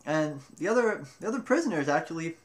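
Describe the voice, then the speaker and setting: A young man casually telling a story about himself, rambling and often breaking off mid-sentence, with animated retelling. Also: on the high side, quick pace. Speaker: vlogger telling a personal story. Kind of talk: casual first-person storytelling.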